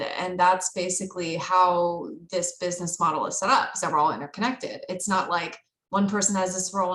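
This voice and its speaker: A woman's voice: lowish voice, fairly bright tone. Rambling woman in an echoey room. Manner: rambling, filler-heavy, laughs easily. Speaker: group call participant. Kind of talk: casual group call chat. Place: online group video call.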